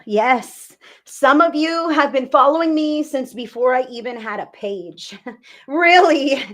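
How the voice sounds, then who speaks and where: A woman's voice: fairly high pitch, a bit bright. A woman doing live psychic readings on a stream, chatting with viewers in a gushing, affectionate, rambling way.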